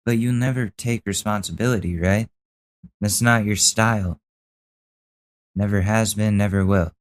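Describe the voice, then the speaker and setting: Young podcast guy ranting about a clip, sarcastic, kinda low voice. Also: steady tone, a little slow. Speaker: podcast host. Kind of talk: casual commentary.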